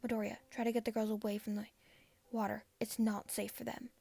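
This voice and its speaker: A woman reading aloud and voicing a calm, composed young prince who speaks in a level, matter-of-fact way. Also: mid-range voice, brisk, creaky, slightly rough.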